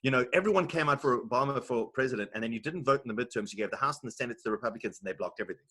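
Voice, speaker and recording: A man's voice: medium pitch, rapid-fire, sharp tone, husky. A South African man hosting a podcast, chatting and teasing playfully over a video call. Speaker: podcast host, comedian. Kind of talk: casual video-call chat.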